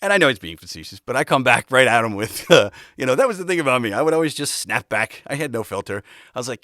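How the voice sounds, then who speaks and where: Laughing storyteller man, lively pitch. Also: fast talker, no echo, studio quality. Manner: rambling, laughing anecdotes with acted-out quotes. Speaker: podcast host. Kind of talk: casual storytelling.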